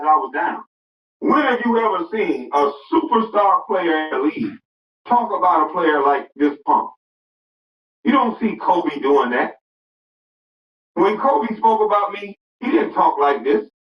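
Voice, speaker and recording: A man tears into someone in a furious, mocking rant, hammering the same insults again and again. His voice sits a bit high and arrives from a distance, in a roomy space with a dull, muffled tone. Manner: angry, mocking, repetitive insults. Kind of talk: heated rant.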